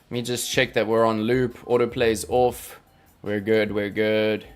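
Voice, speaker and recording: His voice is lowish and clean, with little pitch movement and an unhurried pace. He hosts a casual crypto trading livestream, teaching viewers to read charts in a playful, jokey, chatty style packed with fillers, over faint background music.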